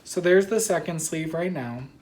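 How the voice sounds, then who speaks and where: A woman's voice: fairly low pitch, moderate pace, darkish tone. Sleepy, rambling woman knitting podcaster. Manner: rambling, chatty, apologetic. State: sleepy, yawning. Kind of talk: casual chat.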